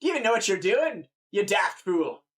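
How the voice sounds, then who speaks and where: A burly farmer who barks in a high, put-on brogue, sharp and scolding. He talks down bluntly, nosy and quick to call someone a fool. The voice swings about with a lively lilt, as in a tabletop game. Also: full character voice. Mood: gruff scolding. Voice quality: loud, barking. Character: gruff red-bearded male farmer, scolding and nosy.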